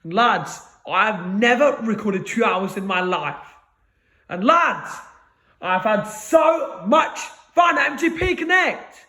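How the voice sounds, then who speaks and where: A man rambling in a solo recording, stammering and restarting, and tagging phrases with a low muttered "lads". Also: lively intonation, slow, pushed and bright. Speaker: vlogger.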